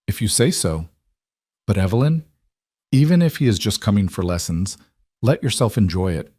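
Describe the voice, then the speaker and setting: A man voicing a young woman teacher who gently and knowingly advises her friend. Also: fairly low pitch, big pitch swings, normal speed, husky, no echo, studio quality. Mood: gently teasing.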